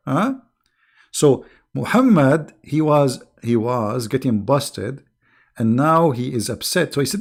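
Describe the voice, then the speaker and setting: Middle-aged guy, sarcastic mocking host, medium pitch. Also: moderate pace. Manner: sarcastic, mocking, chuckling asides. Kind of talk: casual mocking commentary.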